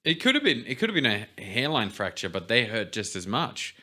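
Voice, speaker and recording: A young man, co-hosting a casual podcast, explaining things at a relaxed pace with plenty of fillers. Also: medium pitch, fairly quick. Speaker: podcast co-host.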